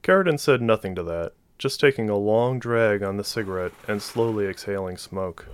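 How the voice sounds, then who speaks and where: A man narrating a novel as an audiobook in a steady, even storytelling voice. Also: fairly low pitch, moderate pace, few pauses, clear, resonant tone, no echo.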